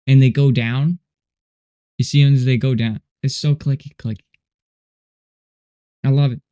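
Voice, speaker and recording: A man's voice: mid-range voice, fairly even intonation, a little slow, dark tone, smooth. A man hosting a casual livestream while coding, rambling and laid-back, often saying "dude" and "you know". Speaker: livestream host.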